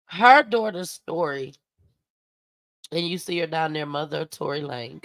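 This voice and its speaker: A woman's voice: deep voice, lively intonation, a little slow, fairly bright tone, no echo. A woman hosting a livestream, talking heartfelt and close to tears as she thanks her viewers, calling them y'all and baby. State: emotional, close to crying. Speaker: livestream host. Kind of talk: emotional casual livestream talk to viewers.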